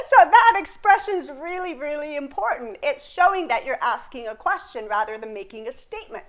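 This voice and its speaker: High-pitched woman, friendly explainer, teaching a beginner sign language class on video. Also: lively intonation, fairly quick, hardly any pauses. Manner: chatty, explains with examples and laughs often. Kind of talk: casual video lesson.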